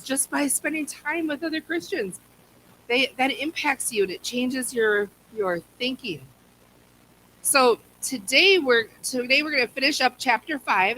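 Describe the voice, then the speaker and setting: Casual church Bible teacher, woman, bright and slightly high voice, faint background noise. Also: low-quality recording. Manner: conversational, repeats words and restarts.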